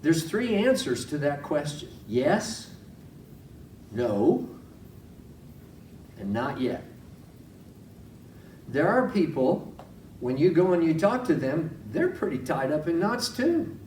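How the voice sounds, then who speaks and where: A male chaplain teaches in a folksy, storytelling way, often turning to his listeners with questions. His voice is slightly high for a man and swings widely in pitch. He sounds set back from the microphone in an echoing space, with a faint background hum. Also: big pitch swings, slow pace, long pauses, darkish tone, recorded from a distance. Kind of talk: sermon-style teaching talk. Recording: roomy echo, voice from off-mic.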